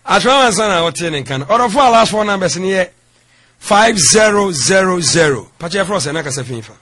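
Male radio host, husky voice, lively pitch, short replies. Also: a little fast. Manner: brief acknowledgments, reads out caller numbers. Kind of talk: radio call-in hosting.

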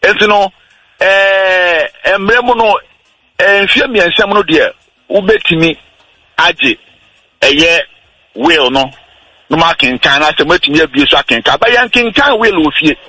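A man on a radio talk show, patiently explaining how wills and estates work, slowing down on his key points. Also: high-pitched, animated, bright, forceful tone, dry recording, rough recording. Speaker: legal explainer guest.

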